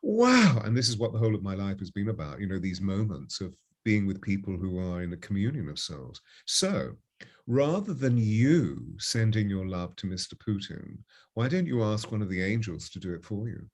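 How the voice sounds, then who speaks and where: A man's voice: sits low, animated, normal speed, a little mellow. A man speaking as a spiritual guest on a live call-in show, effusive and flowery, calling callers darling.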